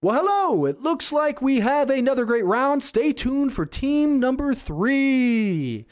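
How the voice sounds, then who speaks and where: A man voicing an excitable male arena announcer in a tabletop game, with booming showman patter. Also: takes it slowly, heavily acted. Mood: hyped.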